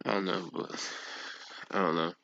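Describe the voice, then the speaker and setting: A man's voice: low voice, level tone, normal speed, creaky, pushed and bright. A male streamer talks to his live chat in a ranting, incredulous way. He keeps firing rhetorical questions. His voice comes through dull, lo-fi stream audio.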